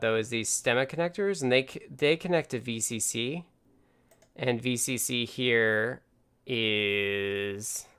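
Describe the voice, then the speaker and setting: A man's voice: mid-range voice, gravelly, fairly bright tone, clear, resonant tone. A man hosting a casual live stream from his home workspace, thinking aloud and explaining things step by step. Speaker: livestream host.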